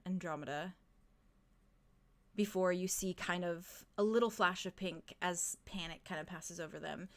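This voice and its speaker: A woman's voice: fairly low pitch, vocal fry. Woman narrating a tabletop game. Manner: halting, full of "kind of" and "like". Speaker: game master.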